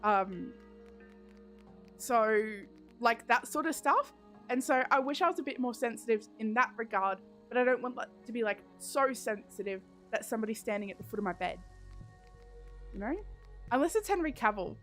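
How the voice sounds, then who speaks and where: A woman's voice: on the high side, expressive, normal speed, fairly bright tone, soft background music. Giggly chatty woman streamer. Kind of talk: casual chat while gaming.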